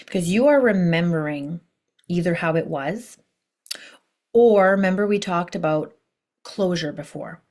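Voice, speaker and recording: Lower-pitched woman teaching a healing course. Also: measured pace, long pauses. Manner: animated, acts out inner voices in quotes; conversational, uses rhetorical questions. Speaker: life coach teaching an online course. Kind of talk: recorded course lesson.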